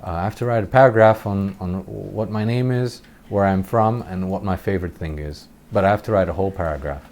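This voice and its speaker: A man's voice: low voice, a little fast, hardly any pauses, a little mellow, a little hiss or hum. A man telling a rambling childhood story while commentating gameplay, chuckling at himself now and then. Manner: rambling, chuckling, self-deprecating. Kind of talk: casual storytelling over gameplay.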